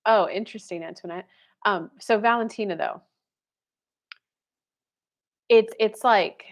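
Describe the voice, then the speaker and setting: A woman in her thirties hosts a live stream as a dating coach, talking loosely with viewers. Her pitch sits in an ordinary middle range. She talks fast and blunt, leans on "like" fillers and drops in the odd swear word. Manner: chatty, heavy "like" fillers, blunt with casual swearing. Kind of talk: casual live-stream chat answering viewers.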